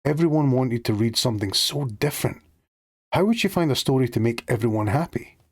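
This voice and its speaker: A man gently reading a bedtime story aloud to his child. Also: medium pitch, fairly quick. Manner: gentle, lively storytelling with character voices.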